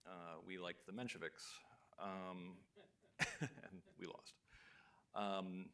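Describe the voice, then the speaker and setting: A middle-aged man speaking as a guest onstage, halting and full of restarts and repeated words. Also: low-pitched, bright, forceful tone. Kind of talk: onstage conversation. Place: lecture hall before a live audience.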